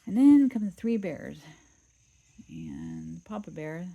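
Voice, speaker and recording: Gravelly-voiced woman reading a storybook aloud. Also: on the low side, slow pace, rough recording. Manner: relaxed, chatty asides, abridges the story. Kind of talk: casual storybook read-aloud.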